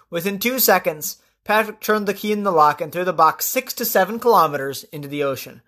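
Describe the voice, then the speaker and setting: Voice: mid-range voice, sharp tone. A podcast storyteller retelling legends, breaking in with casual asides to the listener. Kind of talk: storytelling narration.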